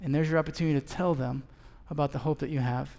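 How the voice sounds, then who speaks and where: Here a pastor in his thirties preaches, recounting a story and performing both roles in the conversation. His voice leans high and fast, with a steady, rather dark tone, heard through long hall reverb.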